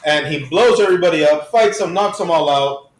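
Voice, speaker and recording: A man's voice: fairly high pitch, a little fast, slight background noise. A man co-hosting a casual podcast chat, recapping comic book plots in upbeat detail. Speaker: podcast co-host. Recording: echoey room.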